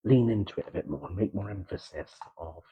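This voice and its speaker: A man with a Gloucestershire accent chatting softly in a slow, halting ASMR style, with many pauses and drifts into whispering, close to the microphone. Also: on the low side, husky, muffled recording. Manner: soft-spoken, slipping into whispers. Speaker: ASMR creator. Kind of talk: soft-spoken ASMR chat.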